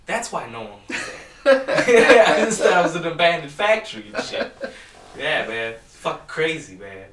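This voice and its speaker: A man's voice: on the high side, big pitch swings, moderate pace, a crowd in the background. A young man telling a rambling, profanity-filled story in casual chat with friends. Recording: echoey room from far off.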